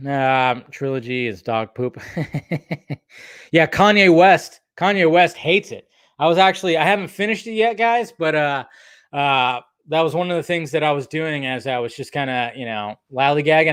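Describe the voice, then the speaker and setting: A man's voice: fairly high pitch, moderate pace, fairly bright tone, smooth, no echo, studio quality. A man hosting a casual film chat, rambling with many fillers, restarts and swearing. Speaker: film commentary host.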